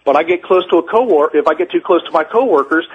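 A man's voice: fairly high pitch, lively intonation, very fast, husky. A man in his forties calling a radio show, firm and lecturing. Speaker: caller, business manager. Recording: muffled phone line.

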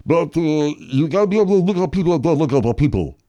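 A man hosting a comedy call-in radio show with brash, quick patter. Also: on the high side, expressive, mellow, highs cut off, a little hiss or hum.

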